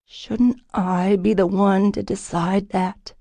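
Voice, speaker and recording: A woman voicing a headstrong young woman fighter who talks forcefully and raises her voice, in an audiobook. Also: mid-range voice, little pitch movement, slow, creaky, no room sound. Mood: defiant.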